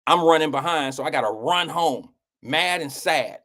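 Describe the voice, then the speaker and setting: Animated man telling a story. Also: normal speed. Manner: animated, acts out quotes with swings in pitch; blunt, swears casually. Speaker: host. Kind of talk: casual storytelling.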